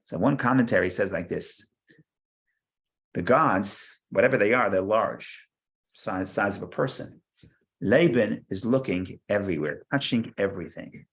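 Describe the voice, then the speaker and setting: A man's voice: fairly low pitch, animated, unhurried, fairly bright tone. A man teaching a Torah study class, reading verses aloud and explaining them with frequent restarts and repeated words.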